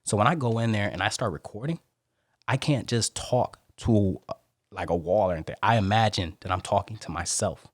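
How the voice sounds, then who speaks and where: Man, podcast guest, quick emphatic preaching delivery, lowish voice, dry close sound. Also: no room sound. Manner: emphatic, preaching, swings in pitch and loudness. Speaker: podcast guest, motivational speaker. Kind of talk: casual interview talk.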